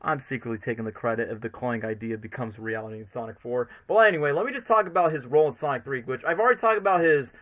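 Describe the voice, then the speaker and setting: Male streamer host with a bright, forceful voice, excitable and rambling in casual commentary. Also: mid-range voice, quick pace, few pauses. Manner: excitable, rambling fan talk.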